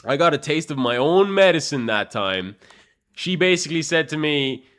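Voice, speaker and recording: A young man with an Irish accent, a chess streamer casually telling a story to his live chat in a profane, animated way. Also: on the high side, normal speed. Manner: profane, animated, swings between loud and mumbled.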